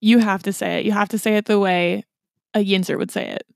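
A young woman with a Philadelphia accent hosts a relaxed chat, laughing easily and nudging her co-host to tell stories. Her voice sits at a middle pitch, and the sound is dry and close with no room echo. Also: a little fast, vocal fry. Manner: giggly, easygoing, prompts her co-host. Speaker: podcast host. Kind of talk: casual chat.

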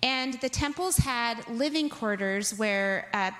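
A woman's voice: a little high, slow pace, fairly bright tone. A woman pastor giving a sermon in church, conversational and telling stories with humor. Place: church sanctuary. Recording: long hall reverb.

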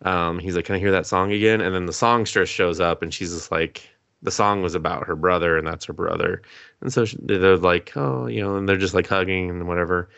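A man's voice: low-pitched, steady tone, a little fast, gravelly, a bit bright, clear, resonant tone, no room sound. A man co-hosting a podcast, casually recapping an anime episode, acting out the characters' lines, laughing and swearing as he goes. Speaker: podcast co-host.

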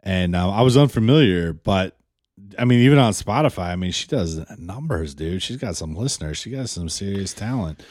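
A man's voice: deep voice, animated, normal speed, darkish tone, dry recording, clean studio sound. A man co-hosting a radio show in casual chat, laid-back and rambling, swearing now and then.

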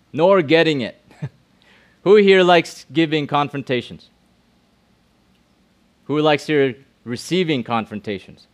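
A middle-aged male pastor giving a youth sermon in a conversational way, often asking the room questions and repeating himself. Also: mid-range voice.

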